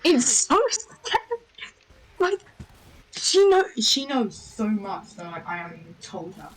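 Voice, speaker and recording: A young woman telling a rambling, excitable story in casual voice chat, full of fillers. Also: mid-range voice, measured pace, slightly rough, poor audio. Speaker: gamer.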